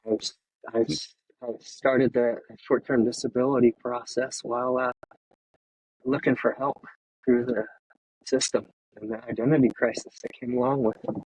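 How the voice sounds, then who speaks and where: A retired firefighter in his fifties speaks candidly and emotionally in an interview over a video call, halting with pauses and restarts. His mid-range voice is steady, darkish and slightly rough. The low-quality recording has no echo.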